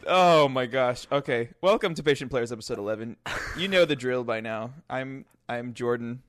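A man's voice: medium pitch, normal speed, fairly bright tone. A young man co-hosting a casual gaming podcast, joking around and laughing often. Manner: jokey, laughs often, trying a mock Australian accent. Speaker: podcast co-host. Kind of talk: casual chat.

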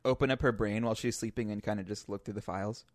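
A man's voice: lowish voice, steady tone, fast talker, no echo, clean studio sound. A young man co-hosting a casual gaming podcast, joking around and laughing often. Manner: jokey, laughs often, trying a mock Australian accent. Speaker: podcast co-host. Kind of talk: casual chat.

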